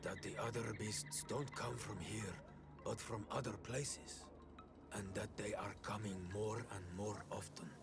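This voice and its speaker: An actor playing a solemn native master hunter in a role-playing game, measured and grave. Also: male voice, lowish voice, steady tone, over music.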